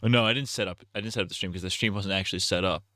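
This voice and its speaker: A man's voice: sits low, steady tone, racing, pushed and bright, no echo, clean studio sound. A man hosting a casual live stream over gameplay. He rambles, jokes and laughs a lot, and swears freely. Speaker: streamer, host.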